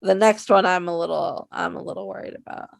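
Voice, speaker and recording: A woman's voice: fairly low pitch, steady tone, fairly quick, creaky, no room sound, studio quality. A woman co-hosting a casual fan podcast, upbeat and encouraging. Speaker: podcast co-host. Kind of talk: casual chat.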